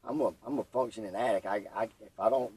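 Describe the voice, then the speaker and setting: Young guy, husky voice, animated storyteller, set back from the mic. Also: fairly low pitch, fast talker, recorded from a distance, low-quality recording. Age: young adult. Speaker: podcast guest. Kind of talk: telling his recovery story.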